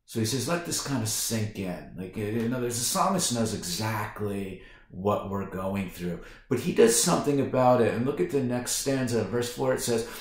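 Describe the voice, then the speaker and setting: A man as pastor giving a casual devotional talk, conversational and unhurried, dropping to a hushed tone when he prays. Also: fairly low pitch. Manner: relaxed, conversational, with prayerful hushed passages. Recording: very echoey room.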